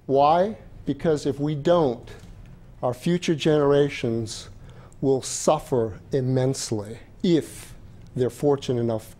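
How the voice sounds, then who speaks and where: A man's voice: mid-range voice, dark tone. An older man giving an earnest, emphatic public comment at a county board meeting.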